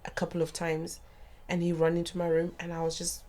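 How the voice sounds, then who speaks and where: A woman's voice: fairly low pitch, completely flat delivery, a little fast, mellow. A middle-aged woman, a guest, earnestly telling a painful personal story and acting out the voices of others. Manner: earnest, acts out quoted voices.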